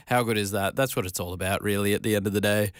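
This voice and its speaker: Chatty Australian radio host, low dry voice. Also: male voice, fairly even intonation, fast, dry recording. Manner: rambling, chatty, full of fillers and restarts. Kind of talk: casual radio chat. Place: radio studio. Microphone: studio microphone.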